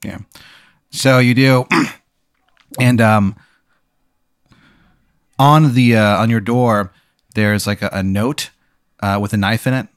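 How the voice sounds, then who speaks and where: A young man hosting a comedy podcast, telling an improvised absurd story with deadpan delivery. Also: on the low side, takes it slowly, long pauses, clean tone, dry recording, studio quality. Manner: deadpan, building absurd scenarios.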